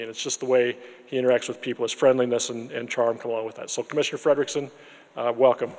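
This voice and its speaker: A man at a podium in a big room, mid-pitched, earnest and measured, often restarting his phrases. His voice rings with a long hall reverb behind it. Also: fairly even intonation, a little mellow. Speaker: interim dean hosting a university celebration. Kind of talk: formal event remarks and speaker introduction. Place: large lecture room with an audience.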